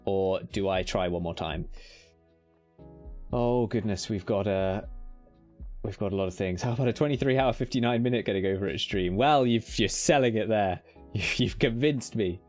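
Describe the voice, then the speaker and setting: A British man streaming a game live. He cheers loudly at times, mutters under his breath at others, swears casually and talks to himself. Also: fairly low pitch, normal speed, pauses often, faint music behind. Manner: excitable, swings between loud cheering and muttered whispers. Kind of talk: live gameplay commentary.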